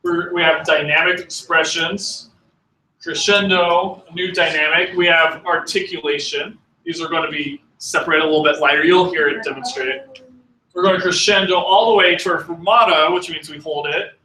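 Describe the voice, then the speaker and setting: A man's voice: on the high side, steady tone, sharp tone, roomy sound, far from the mic, a little hiss or hum, low-quality recording. A man teaching a music class to students, talking casually with fillers and false starts. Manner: casual, halting, with many fillers. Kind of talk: classroom demonstration.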